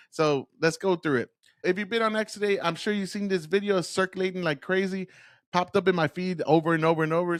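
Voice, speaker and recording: A man rants straight to camera in a heated, mocking tone, his voice sitting a bit high for a man. The sound is dry and close, with almost no room on it. He laughs a lot as he goes and curses freely. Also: a bit bright, no room sound. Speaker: commentary video host. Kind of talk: profane reaction commentary.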